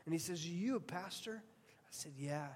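A man's voice: high-pitched, moderate pace, slightly rough. A male pastor preaching a sermon, earnest and storytelling, often restarting his phrases. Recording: long hall reverb.

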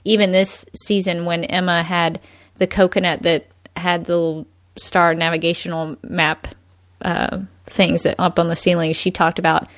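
A woman co-hosting a podcast, talking casually and laughing as she goes. Her voice sits on the lower side, and the recording is dry with no room sound. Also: little pitch movement, normal speed, dry recording. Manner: chatty, laughs often, many likes and ums. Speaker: podcast co-host.

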